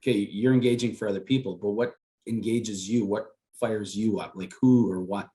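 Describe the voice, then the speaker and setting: Podcast co-host: man, low voice, jokey and enthusiastic. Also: steady tone, moderate pace, warm tone. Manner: jokey, enthusiastic, asks questions. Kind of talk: casual podcast conversation.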